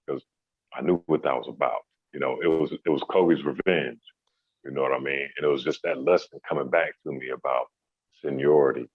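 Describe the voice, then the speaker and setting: A man, a former basketball player, telling a story in a relaxed, casual interview, with a husky voice. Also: very deep voice, dry recording, phone-quality sound. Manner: relaxed, laid-back, many "you know"s.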